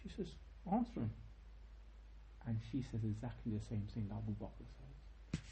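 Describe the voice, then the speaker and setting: A young man giving an informal religious lecture, telling a story with lively asides and checking questions to his listeners. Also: fairly low pitch, brisk, roomy sound, rough recording. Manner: animated storytelling, tag questions, quotes in Arabic. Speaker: teacher of a history lesson.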